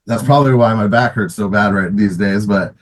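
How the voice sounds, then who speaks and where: A man's voice: lowish voice, a little fast, low-quality recording. A middle-aged man, a former pro hockey player, casually telling stories in an interview with many restarts and fillers, often laughing.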